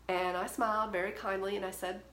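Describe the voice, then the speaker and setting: Direct no-nonsense woman giving photo business advice, bright voice, roomy echo. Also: medium pitch, level tone, brisk. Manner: firm, direct and emphatic. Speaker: photography educator and podcast host. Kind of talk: solo talk to camera, advice.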